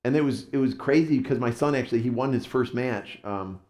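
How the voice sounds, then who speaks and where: A man preaching at middle pitch, telling a story in a relaxed, self-deprecating way. His voice rings in a roomy church hall. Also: a little fast. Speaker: pastor. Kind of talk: sermon storytelling. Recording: roomy echo.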